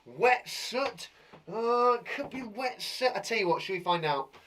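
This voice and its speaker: A man's voice: sits high, expressive, unhurried, fairly bright tone, a little hiss or hum. A man teaching a live online lesson for children, playful and thinking aloud in mock puzzlement. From England. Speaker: primary school teacher.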